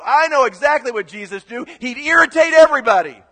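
A man preaching as pastor in a sermon, animated, swinging from quiet asides to loud emphatic bursts. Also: extremely high pitch, quick pace, big-room sound.

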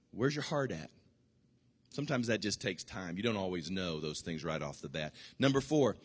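A male pastor preaching a sermon, emphatic and repetitive, swinging between loud bursts and hushed asides. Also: on the high side. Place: church sanctuary. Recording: long hall reverb.

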